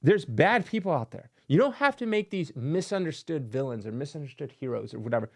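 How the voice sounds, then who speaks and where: A man with a gravelly, creaky voice talks straight to his audience in a casual rant. He is sarcastic and mocking, and now and then slips into silly voices to make fun of things. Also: a little high, animated, brisk, hardly any pauses. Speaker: comic collector channel host.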